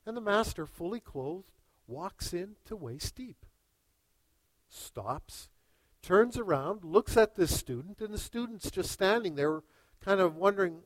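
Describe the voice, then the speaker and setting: A man preaching a sermon who tells stories dramatically, dropping to hushed lines and rising to loud, urgent ones. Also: fairly high pitch, no room sound, low-quality recording. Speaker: pastor.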